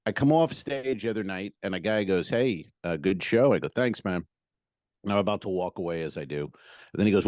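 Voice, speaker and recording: A man, a comedian and podcast co-host, telling stories in animated, casual banter and swearing freely. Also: deep voice, a little fast, no echo.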